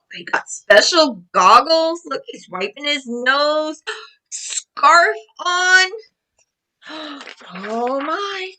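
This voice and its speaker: A woman reading a picture book aloud to children, excited and exclaiming, with gasps and cries of surprise. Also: sits high, rough recording.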